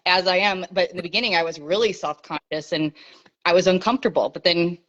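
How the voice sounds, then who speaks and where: A woman's voice: on the low side, fairly quick, a bit bright. A woman chatting casually, hesitant and full of fillers. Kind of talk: casual chat. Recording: dull lo-fi sound.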